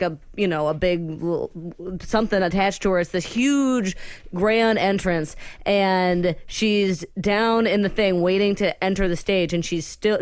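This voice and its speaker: A woman co-hosting a podcast, her lowish voice smooth and clear. She rambles through long stories, piling on "like" and side comments. The studio sound is dry and close. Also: dry recording. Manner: rambling storyteller, many "like"s, quick asides. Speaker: podcast co-host. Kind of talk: casual chat.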